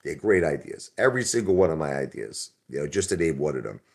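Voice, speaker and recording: A man's voice: extremely low pitch, very animated, quick pace, vocal fry, a little mellow. A middle-aged man, hosting a casual livestream and rambling to his viewers in a street-talking way. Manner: rambling, street-talking, calls people brother. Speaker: livestream host.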